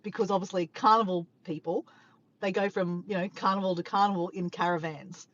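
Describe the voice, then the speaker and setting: A woman vlogger telling a funny story to her viewers, animated and laughing, swearing freely. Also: fairly low pitch, fairly quick, dull audio. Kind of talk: casual storytelling to camera.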